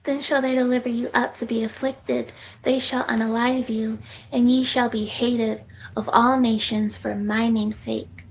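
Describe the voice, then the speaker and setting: A woman reading scripture aloud in a steady, measured way during a Bible study. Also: a little high, poor audio. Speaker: scripture reader.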